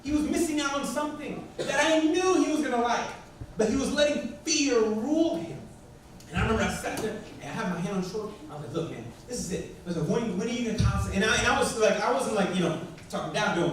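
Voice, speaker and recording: High-voiced man preaching in an echoey hall. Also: fast talker, a little hiss or hum. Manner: lively, chatty and often laughing. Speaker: pastor. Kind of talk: sermon storytelling. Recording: very echoey church hall from far off.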